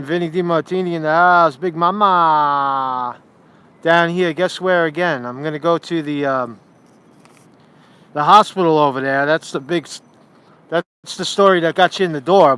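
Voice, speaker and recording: A man livestreams from a city park, talking into a handheld phone. He rambles and swears freely in an animated way, with a voice pitched a little above most men's. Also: clean tone. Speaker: street reporter and livestream host. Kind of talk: casual livestream vlog.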